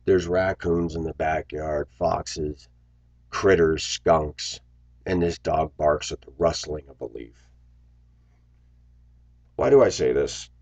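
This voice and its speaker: A man's voice: rumbling low, slow pace, gravelly, pauses often, darkish tone, no room sound. A man giving a blunt, opinionated monologue to his viewers, acting out what other people say. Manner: blunt, opinionated, acts out quotes. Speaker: video commentator.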